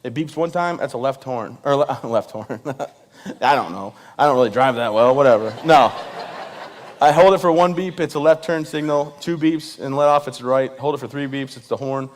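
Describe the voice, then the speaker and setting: A man's voice: mid-range voice, moderate pace. A man from Michigan giving a humorous, self-deprecating speech at a live event, often checking in with "right?". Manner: self-deprecating, jokey, many "right?" asides. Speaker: guest speaker.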